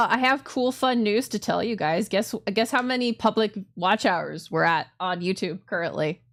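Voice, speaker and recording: Slow-talking woman streamer, rambling. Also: medium pitch. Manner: rambling, self-deprecating, giggly. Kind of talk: casual game stream chat.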